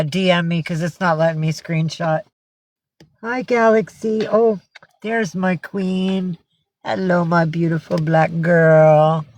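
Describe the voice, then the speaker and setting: Chatty, profane woman live-streaming. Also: low voice. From upstate New York. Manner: chatty, profane, reads out and answers chat comments, coos at her cats. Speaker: livestreamer. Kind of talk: casual live-stream chat.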